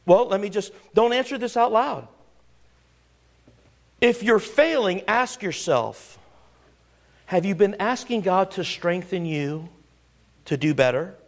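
A man's voice: high voice, lively intonation, slow, long pauses. A middle-aged man preaching a sermon, quoting scripture and firing rhetorical questions at his congregation.

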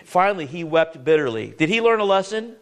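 Guy preaching a sermon, kinda high voice, earnest, keeps asking the room questions. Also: big pitch swings, brisk. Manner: earnest, repeats words, asks the congregation questions.

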